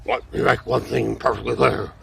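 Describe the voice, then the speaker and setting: A man doing an impression of a stern older male president, with a lowered, deliberate delivery. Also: steady tone, gravelly, background noise. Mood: solemn. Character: stern old male president making declarations.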